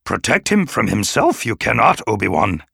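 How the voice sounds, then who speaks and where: A man putting on an ancient little alien master, stern but with a dry gentleness, who twists his sentences backwards and hums as he weighs each word. The voice is low and gravelly, close and dry, like a storybook reading. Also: big pitch swings, moderate pace, dry recording, full character voice. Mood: gently reproving. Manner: inverted word order, thoughtful hums. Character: ancient small male alien sage, stern yet dryly gentle.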